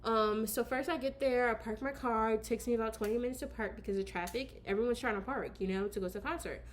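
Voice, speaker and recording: A woman vlogger chatting casually to her camera at home, telling a story with slang and quick asides. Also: fairly high pitch, slight background noise. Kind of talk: casual story time chat.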